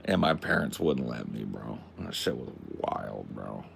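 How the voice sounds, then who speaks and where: Very deep, gravelly laid-back man. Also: very animated, measured pace, few pauses, a bit bright, slight background noise. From Pacific Northwest. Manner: laid-back, slangy, swears a lot. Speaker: streamer. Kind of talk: casual livestream chat.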